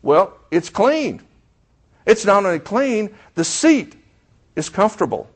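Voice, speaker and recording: A middle-aged man delivers a sermon illustration in a high, sing-song voice at a slow pace. He tells a story, acts out the quoted dialogue, and puts questions to the congregation.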